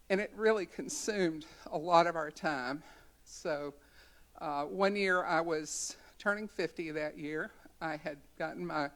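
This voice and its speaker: Woman in her sixties telling a story. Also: low-pitched. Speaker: community educator. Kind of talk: storytelling speech at a symposium. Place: college conference center.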